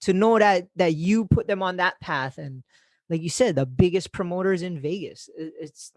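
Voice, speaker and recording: Speaking at normal speed in a high-pitched voice, a young man hosting a podcast swaps stories casually and animatedly, swearing and laughing as he acts out what people said. The sound is close and dry, free of room sound.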